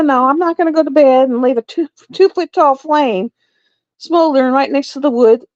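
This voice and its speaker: A woman's voice: high-pitched, normal speed, dry recording. A middle-aged woman, telling a rambling story to her live stream viewers and laughing often. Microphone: phone or webcam on a live stream. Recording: dull, slightly lo-fi stream audio.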